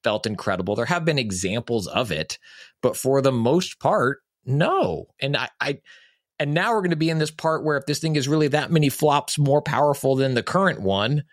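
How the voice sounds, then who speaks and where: A man's voice: mid-range voice, animated, normal speed, no echo, studio quality. Opinionated man in a casual chat.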